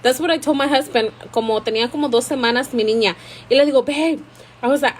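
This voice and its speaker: A woman's voice: high voice, fast, poor audio. Lady in her 30s chatting on a live stream, mixes spanish and english, laughs a lot, bit of background noise. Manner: expressive, laughs often. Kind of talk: casual live-stream chat.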